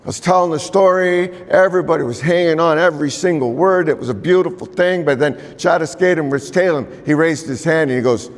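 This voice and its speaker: Man telling a story live, slow and easy, slightly high voice, lots of hall echo. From Pacific Northwest of the US. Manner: unhurried, conversational, with repeated names and pauses. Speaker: storyteller and violinist. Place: large museum hall. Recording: long reverb in a large hall.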